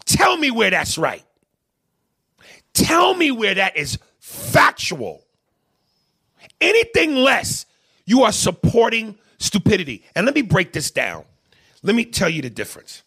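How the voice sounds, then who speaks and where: A man ranting in a heated, profane podcast conversation, swinging between loud bursts and quiet asides. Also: on the high side, big pitch swings, unhurried, vocal fry, pauses often, breathy edge. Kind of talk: heated casual rant.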